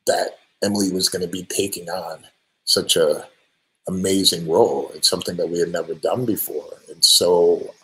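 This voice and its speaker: A band singer answering fan questions on a live stream, friendly and relaxed, with many ums and restarts. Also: male voice, low voice, poor audio. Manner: friendly, thanks each fan by name.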